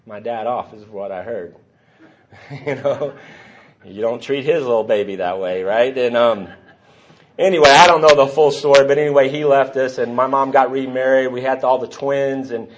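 A man's voice: medium pitch, normal speed, muffled recording. A middle-aged man giving a rambling, self-deprecating personal testimony from the podium at a recovery meeting. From Texas.

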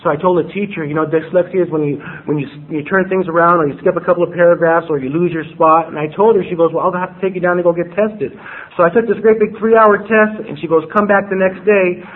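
A man's voice: sits high, fairly even intonation, quick pace, narrow, tinny audio. A man giving personal testimony at a recovery meeting, rambling and stumbling over repeated words as he acts out old conversations.

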